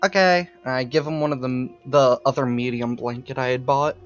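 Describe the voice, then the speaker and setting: A man's voice: mid-range voice, fairly even intonation, moderate pace, lo-fi sound, faint music behind. A man playing a tabletop game in an easygoing, chuckling way. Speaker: player.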